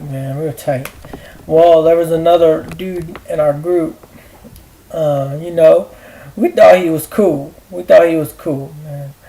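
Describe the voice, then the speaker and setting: A man ranting to camera in a rambling, profane way, halting with fillers and restarts. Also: fairly high pitch, vocal fry, warm tone, low-quality recording. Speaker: vlogger. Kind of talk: rambling personal rant.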